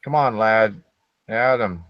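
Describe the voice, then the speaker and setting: A man's voice: lowish voice, slow pace, no echo. A man hosting a casual group call, talking bluntly with teasing, crude banter. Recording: dull lo-fi online call audio.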